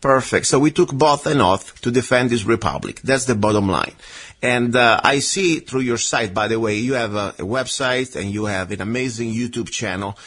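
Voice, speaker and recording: A man hosting a talk radio show, lively and joking, quick to laugh with his guest. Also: medium pitch. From outside the United States.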